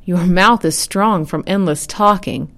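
A woman's voice: lowish voice, a little slow, fairly bright tone. A woman voicing a pair of doubtful geese who scold and warn. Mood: skeptical, scolding. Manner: scolding and skeptical. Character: two sensible, doubtful geese.

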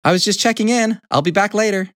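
A man reading a storybook, voicing a friendly, chatty big farm hen in a high, cheerful voice. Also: fast talker, no echo, studio quality, close to an everyday voice.

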